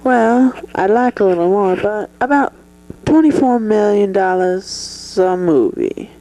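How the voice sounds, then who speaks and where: A performer playing a foul-mouthed male movie star with a high voice who swears constantly and keeps saying "man". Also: expressive, unhurried, warm tone, dry recording, close to an everyday voice, low-quality recording. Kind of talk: improvised comedy sketch interview.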